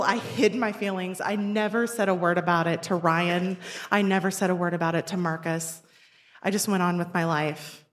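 A woman of forty telling a personal story at a live show, wry and self-deprecating with lively comic timing. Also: mid-range voice. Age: 40s. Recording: roomy echoey venue sound.

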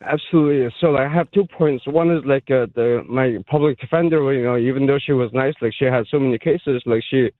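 A man calling in to a radio show, emotional and halting, with many fillers and restarts. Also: mid-range voice, no room sound. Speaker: caller. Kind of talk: call-in radio caller telling a personal story. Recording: tinny phone line.

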